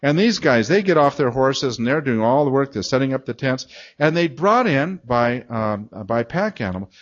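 An older man delivers a storytelling sermon in a chatty, self-mocking way. His voice sits at a middling pitch but leaps around expressively. The recording is a bit dull and lo-fi. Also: sing-song, normal speed. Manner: chatty, self-mocking, acts out moans and laughs. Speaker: guest preacher and Bible teacher.

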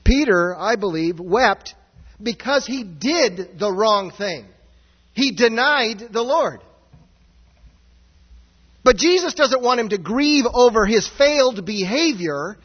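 A man preaching a sermon as pastor, earnest and searching, swinging from raised, near-shouted passages down to low, quiet ones. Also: animated, takes it slowly, husky. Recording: dull sound with long hall reverb.

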